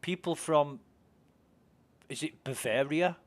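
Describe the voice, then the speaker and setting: A man's voice: fairly high pitch, slow pace. A British man chatting casually while streaming a game, curious and full of questions for his friends. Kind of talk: casual chat while gaming.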